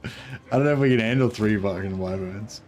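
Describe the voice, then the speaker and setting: A man's voice: on the low side, moderate pace, darkish tone. A man streaming a strategy game, giving casual, exasperated, swear-filled commentary.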